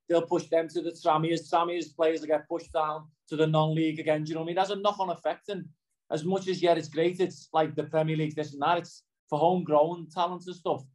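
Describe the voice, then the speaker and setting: The poorly recorded voice belongs to a middle-aged footballer with a Liverpool accent, chatting casually as an interviewee. Slightly high and a little mellow, he rambles and often asks "do you know what I mean".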